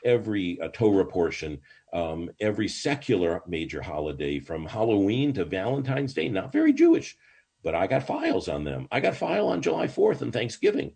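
Older man with a low, husky voice. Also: fairly quick. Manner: animated, swooping storyteller with many false starts. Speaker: rabbi. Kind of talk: storytelling in a podcast interview.

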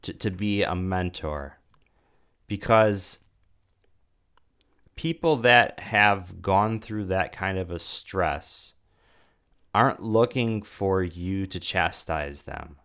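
A man with a very deep voice speaks slowly in a faith-based conversation. He talks haltingly and often repeats a word or restarts while he works out his thought. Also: expressive, fairly bright tone.

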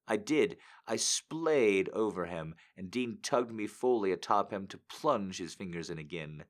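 A man reads romance excerpts aloud on a live show, his voice very deep and the pace unhurried. He lingers over the words with deliberate, sensual phrasing, now and then sinking into a near-whisper. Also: animated. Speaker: host reading excerpts aloud. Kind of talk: dramatic reading on a live stream.

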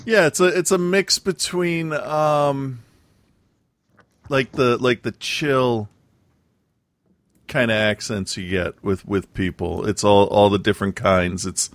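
A man's voice: medium pitch, slow, no echo. A man co-hosting a podcast, telling stories in a rambling, hesitant way with many fillers. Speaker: podcast co-host. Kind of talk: casual chat.

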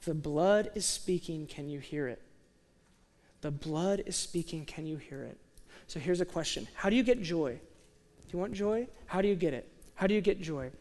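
A young male pastor preaching a sermon, moving between quiet, slow emphasis and excited storytelling. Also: fairly high pitch. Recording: long reverb of a large hall.

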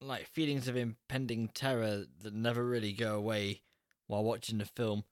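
A man's voice: on the low side, steady tone, normal speed, clear, resonant tone, no echo, clean studio sound. A man co-hosting a casual film review podcast, laid-back and often laughing. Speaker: podcast co-host.

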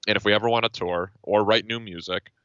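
A man's voice: on the low side, fairly even intonation, fast talker, fairly bright tone, smooth, no echo. A man, a band member, talking as a guest in a casual interview, thoughtful and full of fillers and restarts. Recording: dull, dry lo-fi sound.

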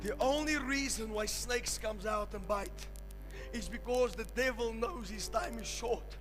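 A male preacher giving a fervent sermon at a church service, building to shouts and calling on the congregation. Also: very high-pitched, unhurried, soft background music, low-quality recording.

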